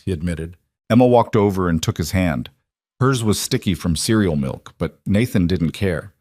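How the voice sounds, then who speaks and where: A man giving steady, measured scripted story narration. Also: low-pitched, no room sound, clean studio sound.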